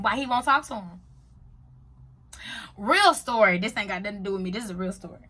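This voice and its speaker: A woman reviewing a TV show in a casual vlog, firing off blunt rhetorical questions, swearing freely as she tells a story. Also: a little high. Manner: animated, rapid rhetorical questions.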